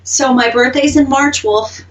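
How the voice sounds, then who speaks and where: A woman's voice: high-pitched, fairly even intonation, a little slow, distant mic, highs cut off, a little hiss or hum. A woman with an Oklahoma accent co-hosting a radio show, chatting casually and laughing often. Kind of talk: casual chat.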